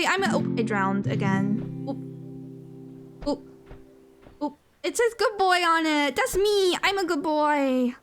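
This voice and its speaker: A young woman streaming a game in casual chat, excitable, gasping often and repeating her phrases. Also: sits high, slow pace, faint music behind.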